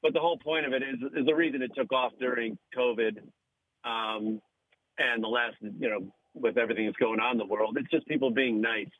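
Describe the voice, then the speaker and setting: A man's voice: mid-range voice, a little fast, no echo, narrow, tinny audio. A man guesting on a radio show, telling a story in casual chat. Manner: animated, laughs while telling stories. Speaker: podcast host guest.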